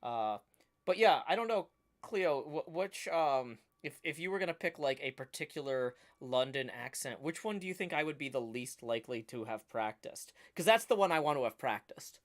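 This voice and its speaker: A man's voice: on the high side, lively intonation, normal speed. A man hosting a casual livestream, rambling and restarting his sentences as he chats. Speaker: streamer host.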